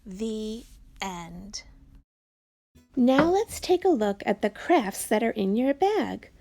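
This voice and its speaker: A woman librarian reading a picture book aloud to children in a slow, expressive, sing-song way. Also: on the high side, creaky. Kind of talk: storybook read-aloud for children.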